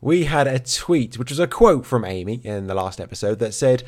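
A man's voice: mid-range voice, big pitch swings, moderate pace, few pauses. A man co-hosting a podcast in casual chat, with a dry, teasing manner. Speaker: podcast co-host.

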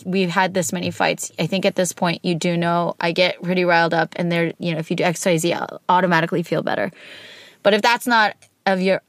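A woman co-hosting a casual chat with her partner, candid and expressive, acting out her own outbursts as she talks. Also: lowish voice, no room sound, studio quality. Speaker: podcast co-host talking with her partner.

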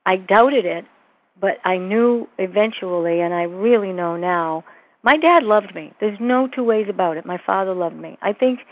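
Earnest woman telling a story over a tinny line. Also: mid-range voice. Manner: earnest storytelling, acts out quoted voices. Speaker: guest, minister and author. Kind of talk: interview conversation.

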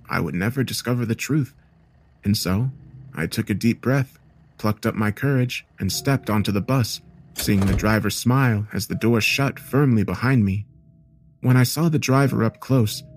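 A man reading a first-person horror story aloud in a steady, measured storytelling manner. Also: fairly low pitch. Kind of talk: scripted horror story narration.

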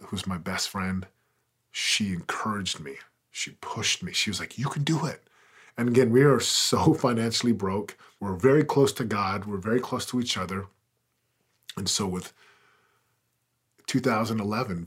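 A man's voice: fairly low pitch, normal speed, husky. A man in his forties, a podcast guest, telling his story in an earnest, emphatic way that swells with intensity. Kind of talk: conversational interview storytelling.

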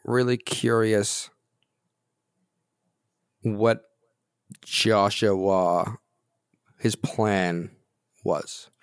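A man's voice: lowish voice, fairly even intonation, drawn-out words, pauses often, clear, resonant tone, dry recording. A man in a casual film chat, making dry, wry remarks. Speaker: podcast co-host.

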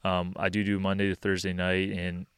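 Young man, hockey coach, deep resonant voice, laid-back talker with plenty of fillers. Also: moderate pace, smooth, no room sound, clean studio sound. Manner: relaxed and rambling, many fillers like "you know" and "um". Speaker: hockey skills coach and podcast guest. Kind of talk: casual interview chat.

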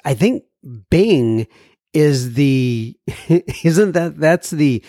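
A man's voice: fairly high pitch, lively intonation, very slow, mellow, no echo, studio quality. A man hosting a recovery podcast, casually reading listener mail aloud with rambling asides, fillers and little self-deprecating jokes. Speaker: podcast host.

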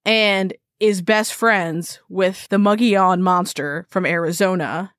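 A woman's voice: fairly low pitch, fairly even intonation, slow, fairly bright tone, no room sound. Woman podcast co-host, laughs a lot, playful riffing, dry sound. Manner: giggly, playful, rambling. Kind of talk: casual chat.

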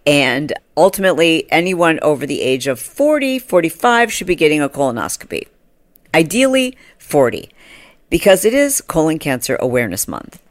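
A woman in her forties hosting a podcast, telling a funny story in a casual way and acting out other people in a high voice, with laughs along the way. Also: very animated, normal speed, no echo, clean studio sound. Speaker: podcast host.

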